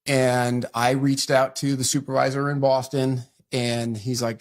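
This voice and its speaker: A middle-aged man talks as a podcast guest, recounting events at a quick clip. He slips into the voices of the people he quotes, then drops back to plain storytelling. His pitch sits in an ordinary middle range for a man. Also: little pitch movement. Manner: fast retelling that acts out quoted dialogue. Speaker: interview guest. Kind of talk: conversational storytelling interview.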